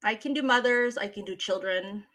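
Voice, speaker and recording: Bright-voiced woman telling classroom stories. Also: mid-range voice, moderate pace. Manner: animated storyteller, expressive. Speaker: guest, voice talent, former teacher. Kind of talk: casual interview chat.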